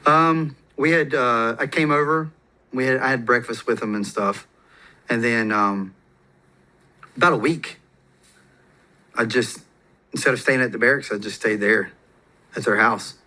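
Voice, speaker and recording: Man telling stories with a bright voice. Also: mid-range voice, unhurried, long pauses. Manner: relaxed, rambling, with frequent fillers and restarts. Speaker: podcast guest. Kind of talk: casual storytelling.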